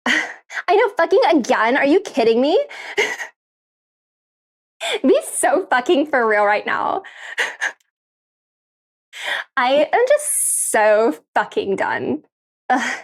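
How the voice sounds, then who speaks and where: A woman's voice: high-pitched, very animated, drawn-out words, long pauses. A young woman streaming live from her kitchen, chatting casually with viewers and her pets, laughing often and swearing freely. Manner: giggly, swears freely, talks to chat and pets. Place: home kitchen.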